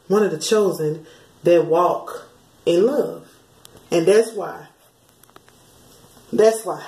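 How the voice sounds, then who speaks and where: A woman talks through spiritual messages in a loose, conversational way, acting out what others say in little quoted voices. Her voice sits at an ordinary middle pitch. The room around her is noticeably echoey. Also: dark tone. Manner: chatty, laughs often, slips into sung lines and quoted voices. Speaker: spiritual channeler. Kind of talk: casual spiritual message vlog.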